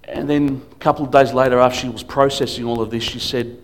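A man's voice: mid-range voice, fairly even intonation, fast talker. A man preaching as a guest pastor, telling stories with humor and acting out what people said. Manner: storytelling with humor and acted quotes. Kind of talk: sermon.

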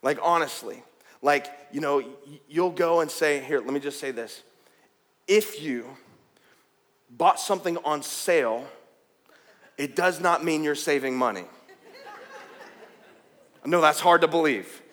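A man preaching a sermon, animated and joking as he calls out to the congregation. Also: fairly high pitch, unhurried, pauses often. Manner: animated, jokey, calls out to the crowd. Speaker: pastor. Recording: long hall reverb.

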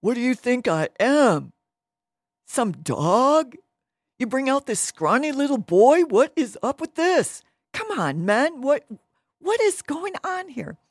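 Woman playing a loud jeering giant warrior. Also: high voice, unhurried, no echo, studio quality, pitched above the performer's own voice. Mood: taunting. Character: boastful taunting giant warrior man.

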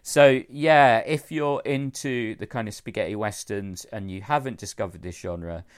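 A man's voice: on the low side, moderate pace, clear, resonant tone, dry recording. A man co-hosting a film podcast, chatting in a hesitant way with plenty of fillers. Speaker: podcast co-host. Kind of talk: casual chat about films.

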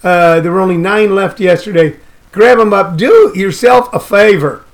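High-voiced rambling male radio host. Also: moderate pace. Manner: loose, riffing, repeats phrases, frequent uh fillers. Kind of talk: rambling comedic radio rant.

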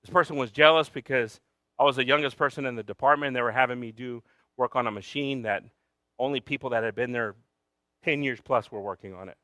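A man preaching a sermon, telling a personal story with big swings from loud shouting down to a near whisper, sometimes switching to Spanish for the congregation. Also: medium pitch, quick pace, no room sound, clean studio sound. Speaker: pastor.

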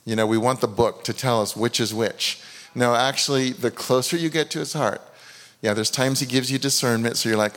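A man's voice: mid-range voice, fairly even intonation, fairly quick, fairly bright tone. A man in his fifties preaching, telling a personal testimony in an earnest, confessional way with frequent restarts. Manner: earnest, confessional, with many restarts and quoted asides. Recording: long hall reverb.

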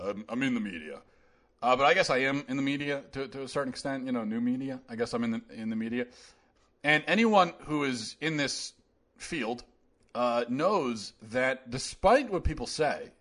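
Male commentary host, rambling and casual, ordinary pitch. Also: a bit bright. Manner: rambling, conversational, many restarts. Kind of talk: solo opinion commentary.

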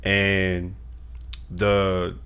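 A man's voice: low-pitched, monotone, drawn-out words, fairly bright tone, clear, resonant tone. A young man telling a story in casual chat, acting out the people in it with shifting voices.

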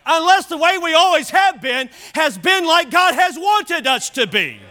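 A man's voice: very high-pitched, lively intonation, measured pace, bright, forceful tone. A man preaching a sermon at a church service, emphatic and repeating key phrases for weight.

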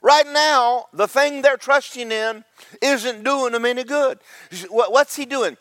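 A man's voice: extremely high pitch, a little slow, fairly bright tone, no echo. A man preaching a sermon, telling Bible stories in a folksy, joking way with voices for the characters. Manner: folksy storytelling with comic voices.

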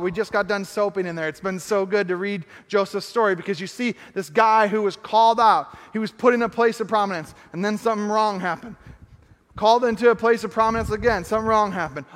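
A man with a high voice preaches to his church, building his points through repetition and slowing right down on the key lines. His voice rings with a long reverb from a large hall. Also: a bit bright. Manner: emphatic preaching with repeated phrases and slowed key lines. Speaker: pastor. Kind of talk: sermon.

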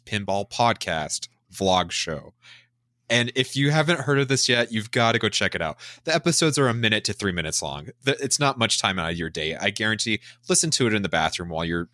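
A man hosts a casual podcast in an enthusiastic, chatty way. His voice sits low but sounds bright and forceful. The sound is dry and close. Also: no echo. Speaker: podcast host.

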